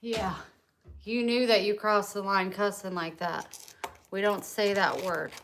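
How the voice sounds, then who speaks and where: A middle-aged woman vlogging casually, chatting and loudly scolding her dog. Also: mid-range voice, steady tone, unhurried, a little hiss or hum. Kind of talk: casual vlog talking to her pets.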